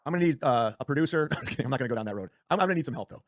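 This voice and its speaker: A man's voice: mid-range voice, animated, racing, no echo. A man ranting casually on a livestream, rambling, swearing often and restarting his sentences. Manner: rambling, profane, self-interrupting.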